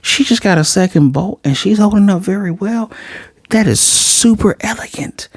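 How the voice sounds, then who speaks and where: A man's voice: high-pitched, lively intonation, normal speed, slightly rough, no room sound, studio quality, voice pushed up, full character voice. A man doing a prim old schoolteacher. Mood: amazed. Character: older male teacher, stern and proper.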